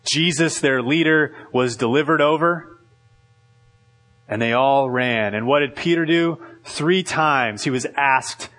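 A man preaching a sermon as pastor, in a loose conversational way full of "like" and quick restarts. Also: mid-range voice, fairly bright tone.

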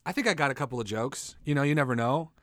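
This is a man running a loose comic monologue on his own show, laughing at his own jokes and mocking himself. He admits he is high. His voice is mid-pitched and recorded dry, with no room echo. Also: animated, fast, fairly bright tone. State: says he is high. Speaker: solo show host.

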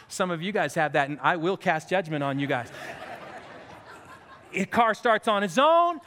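A man preaching a sermon, telling stories in an animated way with comic outbursts. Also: high voice, normal speed, pauses often, a little hiss or hum. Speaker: pastor. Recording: long reverb of a large hall.

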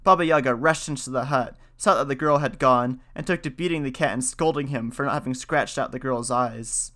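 Brief: male storyteller and lecturer, measured narration. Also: medium pitch, sharp tone. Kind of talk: folktale reading, then casual lecture.

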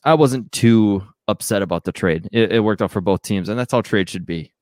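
A man's voice: fairly low pitch, a little fast, darkish tone, no echo, studio quality. A man co-hosting a podcast, chatting casually and rambling about fantasy football with restarts and fillers. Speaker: podcast co-host.

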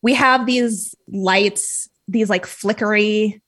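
A woman in casual podcast chat, animated and giggly, with many fillers. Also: mid-range voice, slow pace, breathy edge.

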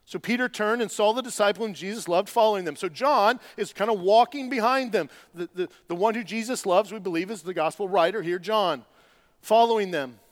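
A man's voice: sits high, brisk. A male pastor preaching a sermon in an earnest, emphatic way, often repeating words as he stresses a point.

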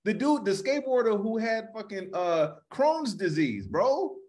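A comedian co-host chatting on a live-streamed podcast, loose and animated, swearing freely. He has a slightly higher-than-usual voice and breaks off now and then to read out viewer comments. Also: unhurried.

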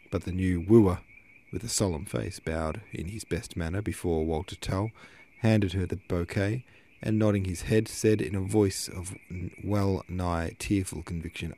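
A man narrating a classic novel aloud in a measured reading, now and then correcting a slip. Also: low-pitched, steady tone, warm tone. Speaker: audiobook narrator.

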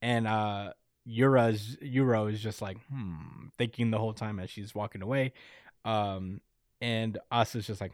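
A man in casual chat, recapping a story and acting out the characters' lines in quick voices, laughing often. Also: on the low side, steady tone, no room sound, studio quality. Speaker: podcast co-host recapping a manga chapter.

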